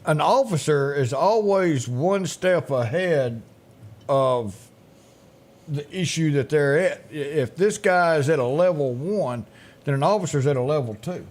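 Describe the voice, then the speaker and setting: A man's voice: fairly high pitch, lively intonation, measured pace, darkish tone. A man co-hosting a local news talk show, telling drawling stories and laughing often. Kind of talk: casual news chat.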